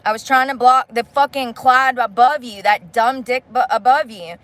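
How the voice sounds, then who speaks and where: A woman's voice: a little high, moderate pace, a bit bright, no room sound. A woman chatting casually on a phone livestream, blunt and profane as she vents to her viewers.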